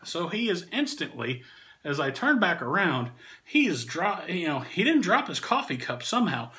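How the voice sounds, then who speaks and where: Man, casual storytelling, animated, laughing through it, lively swooping voice. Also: on the high side, normal speed. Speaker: channel host and storyteller. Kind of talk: casual anecdote telling.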